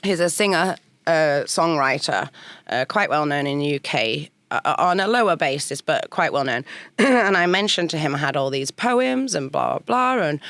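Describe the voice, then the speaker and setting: A woman's voice: sits low, moderate pace, dry recording. A woman guest on a podcast, telling her story in a chatty way and acting out her own past conversations. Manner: animated, acts out her own past dialogue. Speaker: guest songwriter. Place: podcast studio.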